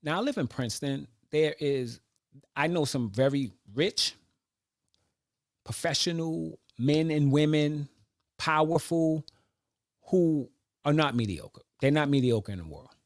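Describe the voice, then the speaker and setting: Reflective man musing aloud, slightly high voice. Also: a little slow, long pauses, dry recording, studio quality. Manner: reflective, searching, with many restarts. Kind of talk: personal monologue.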